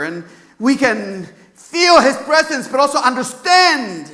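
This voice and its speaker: A man's voice: very high voice, sharp tone. A man from California preaching a sermon in a conversational way, full of fillers and rhetorical questions. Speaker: pastor.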